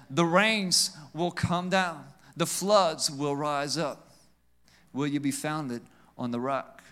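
A male pastor preaching a sermon with call-and-response amens, swinging between emphatic and quiet passages. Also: a little high.

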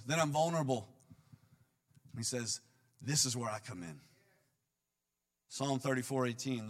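A man preaching a sermon, moving between hushed, intimate passages and loud, emphatic bursts, and acting out the imagined words of his listeners and of God. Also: mid-range voice.

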